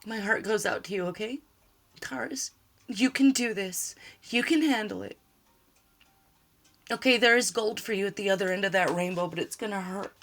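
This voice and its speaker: A woman's voice: mid-range voice, normal speed, fairly bright tone. Earnest woman giving a tarot reading. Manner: earnest, emotional, reassuring, repeats short urgings. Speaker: tarot reader.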